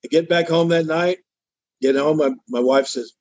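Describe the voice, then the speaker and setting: A man's voice: fairly high pitch, moderate pace, no room sound, highs cut off. An older man telling a long story in a casual interview, acting out the voices of the people he quotes. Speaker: interview guest.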